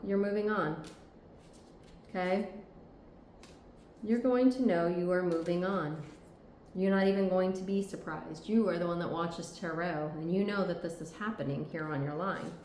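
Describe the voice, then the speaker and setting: A woman's voice: fairly low pitch, a little mellow, slight background noise. A woman giving a tarot reading, talking earnestly and reassuringly and often checking in with "okay?". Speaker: tarot reader. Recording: echoey room.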